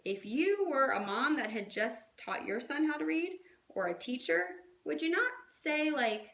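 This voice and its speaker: A woman's voice: high voice, sing-song, a little slow, hardly any pauses, fairly bright tone. Chatty woman coach in an echoey room. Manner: chatty, many fillers and acted-out quotes. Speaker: fitness coach. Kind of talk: casual coaching talk.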